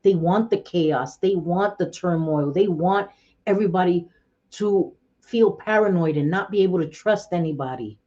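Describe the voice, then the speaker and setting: A woman's voice: on the low side, normal speed, warm tone. A middle-aged woman hosting a casual livestream from home, chatty and laughing often as she talks to viewers by name. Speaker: livestream host. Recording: dull lo-fi stream audio.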